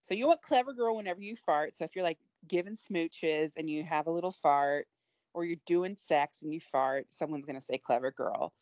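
A woman's voice: deep voice, a little fast, a little mellow, dry recording, highs cut off. A woman co-hosting a podcast in casual chat, rambling and self-deprecating with frequent giggles. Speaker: podcast co-host.

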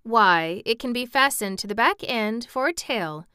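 A woman's voice: a little high, expressive, measured pace, pushed and bright, smooth, no room sound, studio quality, voice pushed up. A woman voicing a simple, earnest pumpkin-headed man in a storybook reading, plain and questioning.

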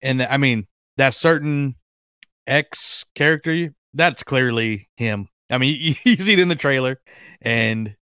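A man hosting a fan podcast in casual chat, excitable and rambling, with lots of fillers and restarts. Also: mid-range voice, unhurried, smooth, no room sound, studio quality. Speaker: podcast host.

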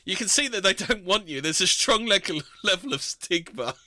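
A man's voice: sits high, expressive, normal speed, pushed and bright. A man hosting a podcast, reading items aloud in a sarcastic, laughing manner and swearing freely. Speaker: podcast host. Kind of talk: casual chat, reading news aloud.

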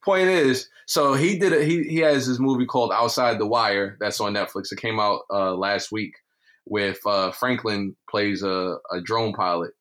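Man co-host, slangy and halting. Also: on the low side, steady tone, fairly bright tone. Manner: slangy, hesitant, loses his words. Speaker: podcast co-host. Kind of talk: casual chat.

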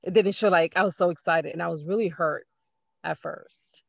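Woman, podcast host, fry in her voice, supportive and chatty, dry and muffled sound. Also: on the low side, moderate pace, dry recording. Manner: warm, encouraging, laughs along. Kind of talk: casual conversation.

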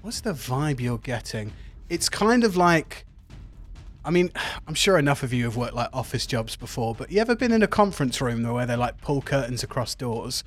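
A man narrating as game master, relaxed and chatty. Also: mid-range voice, normal speed, soft background music.

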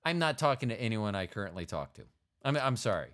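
A man's voice: on the low side, very animated, fast, fairly bright tone. A middle-aged man hosting a podcast, rambling and joking in casual chat. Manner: rambling, jokey, playful. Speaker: podcast host.

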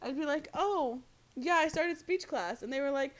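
A woman's voice: high voice, moderate pace. A young woman co-hosting a podcast, telling stories in casual chat with frequent laughter and swearing. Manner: animated, swearing, laughing storyteller. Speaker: podcast co-host.

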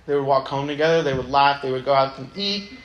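A man's voice: mid-range voice, quick pace, dull audio. A young man giving a casual, conversational sermon to a youth group, reading a Bible passage aloud. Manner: casual, conversational, many ums.

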